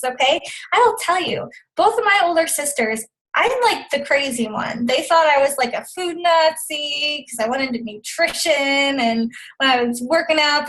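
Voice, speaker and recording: A woman in her thirties speaks as a coach on a team call, her voice sitting high. She talks in a chatty, upbeat way, leaning on fillers as she motivates her listeners. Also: fairly bright tone, poor audio. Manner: chatty and upbeat, many fillers like "like" and "you know". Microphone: phone or conference call line.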